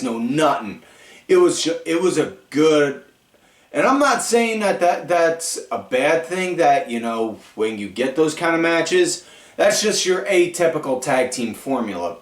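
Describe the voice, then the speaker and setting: A man hosting a podcast, rambling through a casual recap with lots of fillers and animated storytelling. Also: medium pitch. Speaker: podcast host. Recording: echoey room, far from mic.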